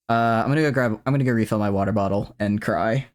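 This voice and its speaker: A man's voice: fairly low pitch, fast talker. A man giving casual live-stream commentary over a video game, rambling through joking asides and swearing a lot when frustrated. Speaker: gaming streamer. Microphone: streaming mic set to cap loud shouts.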